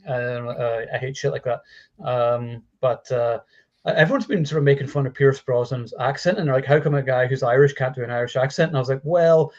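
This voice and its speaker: A man co-hosting a casual film chat, talking in an animated way with lots of fillers and the odd swear word. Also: mid-range voice, brisk, dull audio. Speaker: podcast co-host. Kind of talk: casual chat about films.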